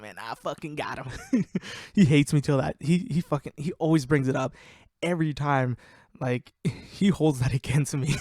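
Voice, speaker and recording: A young podcast host with a mid-range voice tells casual stories about his friends, cursing liberally and laughing in an animated way. The recording is dry and studio quality.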